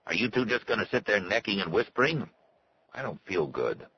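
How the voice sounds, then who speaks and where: A man putting on a loud, whiny, agitated drunk. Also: fairly low pitch, sing-song, a little fast, breathy edge, lo-fi sound, pitched above the performer's own voice. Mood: irritable.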